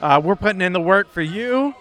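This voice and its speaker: A man's voice: high voice, lively intonation, a little fast, a bit bright. A man in his thirties co-hosting a podcast in a busy tiki bar, joking and laughing often in casual chat. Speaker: podcast co-host.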